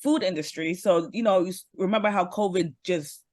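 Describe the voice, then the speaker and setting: A woman guest on a podcast, telling a story with lively energy and acting out the voices of the people in it. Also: lowish voice, fairly quick, no room sound, clean studio sound. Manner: animated storytelling, acts out others' lines. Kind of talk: casual chat.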